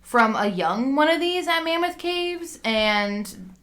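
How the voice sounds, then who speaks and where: A woman's voice: high-pitched, expressive, slow, a bit bright. A woman co-hosting a podcast in casual chat, laughing often and stumbling over her notes. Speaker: podcast co-host.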